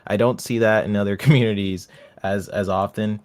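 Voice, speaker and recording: A man with a low voice talks as a podcast panelist. His speech is halting and hesitant, with frequent restarts. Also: steady tone. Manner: hesitant, halting, laughs lightly. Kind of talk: casual chat.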